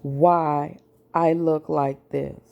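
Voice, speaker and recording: A woman vlogger, speaking slowly and with feeling in a personal message to her viewers. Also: deep voice, flat delivery, creaky, phone-quality sound. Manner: slow, deliberate, emotional.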